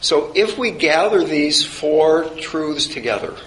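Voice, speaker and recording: A man's voice: on the high side, lively intonation, slow, fairly bright tone. Reflective man lecturing in a roomy space. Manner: reflective, conversational, with wry humor. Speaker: teacher of a chaplaincy course. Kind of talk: informal classroom lecture. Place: classroom. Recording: roomy with faint background noise.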